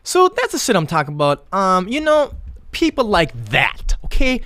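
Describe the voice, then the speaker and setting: Male podcast host, caffeinated, quick and animated, dry close sound. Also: high-pitched, no echo. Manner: fast, animated, swearing. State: hopped up on caffeine. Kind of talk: casual podcast talk and rant.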